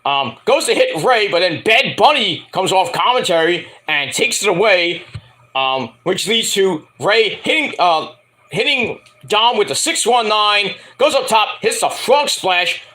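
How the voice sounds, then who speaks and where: A high-voiced man talks through a wrestling match in a casual, chatty recap. His pitch swings all over as he goes, and he swears freely. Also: a little slow. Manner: animated, profane, chatty. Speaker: wrestling show reviewer.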